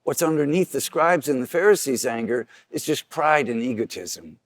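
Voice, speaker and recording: A man's voice: expressive, normal speed, no room sound. Earnest man preaching a homily. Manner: earnest preaching, acts out quoted voices with rising pitch. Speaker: priest.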